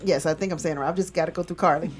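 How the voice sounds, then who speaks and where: A woman's voice: sits low, fairly even intonation, rapid-fire, a little mellow, soft background music. A woman co-hosting a casual talk show, chatting and reading out show announcements. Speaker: co-host.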